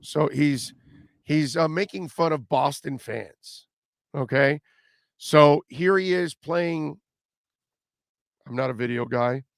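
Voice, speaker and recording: A man's voice: fairly high pitch, slow pace, vocal fry, long pauses, no room sound, studio quality. A man hosting a sports radio show, talking casually with fillers and repeated words.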